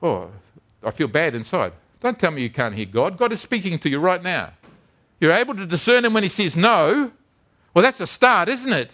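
A man's voice: sits high, very animated, brisk, bright, forceful tone. A man preaching a sermon as a pastor, telling stories earnestly and often repeating his words.

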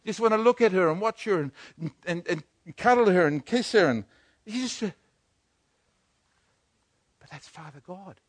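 An older man preaching a sermon, swinging from hushed to loud. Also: high-pitched, animated, normal speed, long pauses, no echo. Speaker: pastor.

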